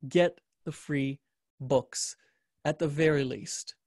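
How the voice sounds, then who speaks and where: Male interview host, enthusiastic and jokey, pitched a bit high, dry sound. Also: slow, no room sound. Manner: animated, joking, repeats phrases for emphasis. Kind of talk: enthusiastic closing endorsement.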